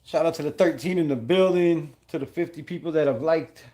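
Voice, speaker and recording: A man hosting a live game-watch stream, excitable and blunt, calling plays, griping about flags and greeting chat viewers. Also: a little high, fairly quick. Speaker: livestream host.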